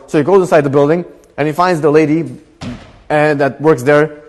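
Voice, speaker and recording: A man, a rabbi, telling a story in a Torah class in a lively storytelling manner. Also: fairly high pitch, normal speed, long reverb tail. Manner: animated storytelling with voiced characters.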